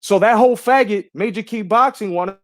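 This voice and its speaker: Man, boxing channel commentator, indignant profane rant, fairly high voice, dry close sound. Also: brisk, fairly bright tone, dry recording. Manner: heated, indignant, profane storytelling. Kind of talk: casual ranting monologue.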